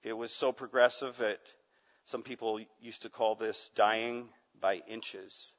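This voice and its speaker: A male pastor preaching a sermon dramatically, dropping to a hush and then rising to near shouts. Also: fairly low pitch, steady tone, measured pace. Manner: dramatic, swings from hushed to loud shouting. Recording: muffled sound with long hall reverb.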